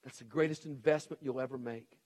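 A man's voice: medium pitch, fairly even intonation, fairly quick, darkish tone. A middle-aged man preaching a sermon as pastor, earnest and pleading, with repeated urgent appeals to his congregation.

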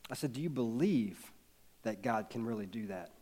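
A man's voice: medium pitch, lively intonation, moderate pace, mellow. A man in his thirties preaching a sermon, telling a personal story in an earnest way and building to emphatic peaks. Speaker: pastor.

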